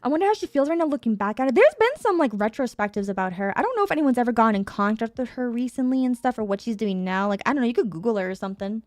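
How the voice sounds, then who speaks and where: Bubbly, animated woman streamer. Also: on the high side, very fast, few pauses, no room sound. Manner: bubbly and animated, answers chat, playful teacher tone. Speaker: VTuber streamer, host. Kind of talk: casual stream chat.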